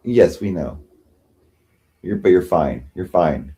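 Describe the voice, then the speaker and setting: A man's voice: deep voice, lively intonation, slow pace, warm tone. A man hosting a livestream, ranting sarcastically and with self-pity, often mocking others. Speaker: livestream host. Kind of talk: rambling livestream rant.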